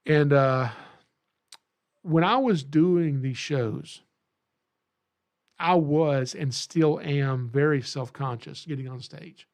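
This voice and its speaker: A podcast host from Georgia speaks with a Southern drawl and tells his stories in a relaxed, homespun way. His voice sits a little high for a man and carries a gravelly rasp. He laughs at himself and often restarts his sentences. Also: takes it slowly, long pauses. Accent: Southern American (Georgia). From Georgia, USA. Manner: folksy and self-deprecating, with frequent restarts. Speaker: podcast host and snake educator. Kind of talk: casual storytelling monologue.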